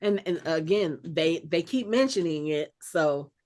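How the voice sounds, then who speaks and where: A woman hosting a podcast in casual chat, thinking out loud and restarting her sentences as she speculates. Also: deep voice, lively intonation, unhurried. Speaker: podcast host.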